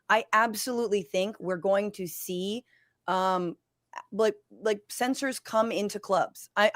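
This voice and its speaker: Quick, opinionated woman comedian, dry sound. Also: mid-range voice, no room sound. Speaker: comedian and political commentator. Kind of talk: casual chat.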